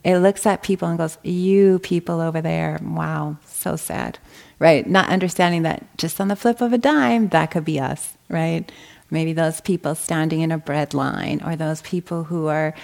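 A woman meditation teacher giving a gentle dharma talk, often checking in with a soft "right?". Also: low-pitched, moderate pace, creaky.

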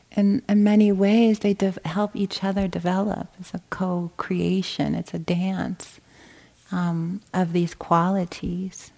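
A woman meditation teacher giving a gentle dharma talk, often checking in with a soft "right?". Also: mid-range voice.

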